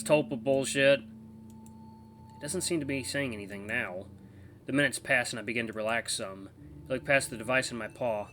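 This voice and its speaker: A man's voice: mid-range voice, slight background noise. A man hosting a let's play, chatting casually and reading a visual novel's narration aloud with expression. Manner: animated, reads narration with expression, laughs.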